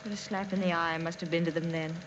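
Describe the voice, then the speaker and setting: An actress playing a shy, naive young English bride in a 1940s film drama, hesitant and apologetic, often stammering. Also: female voice, lowish voice, steady tone, fast talker, close to an everyday voice. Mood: anxious. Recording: dull, hissy old film soundtrack.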